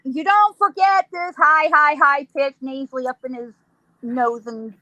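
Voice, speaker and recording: A woman, a psychic guest, telling a ghost story in a lively way, laughing often and acting out sounds. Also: sits high, a little slow, dry recording, highs cut off.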